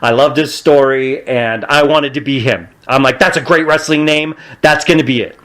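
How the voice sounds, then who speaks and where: A man in his forties, a podcast guest, telling stories in a casual chat and acting out quotes in a higher voice. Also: moderate pace. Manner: animated, laughing, acts out quotes in a higher voice. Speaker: podcast guest, pro wrestler.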